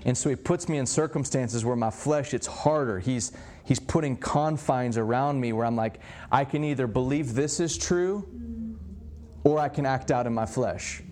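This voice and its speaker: A middle-aged man preaching with animated storytelling, acting out the dialogue of his stories. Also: mid-range voice, moderate pace, hardly any pauses. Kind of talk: sermon-style teaching.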